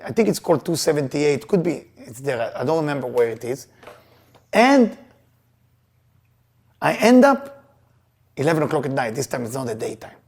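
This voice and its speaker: Emphatic male Kabbalah teacher, loose grammar, a touch high, storytelling before a live class. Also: moderate pace, pauses often, slightly rough. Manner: emphatic, animated, loose non-native grammar. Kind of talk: lesson with personal storytelling.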